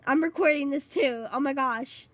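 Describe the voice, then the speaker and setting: A woman giving casual gameplay commentary, excitable and rambling, repeating herself a lot. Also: high-pitched, normal speed, no echo. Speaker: gaming channel host.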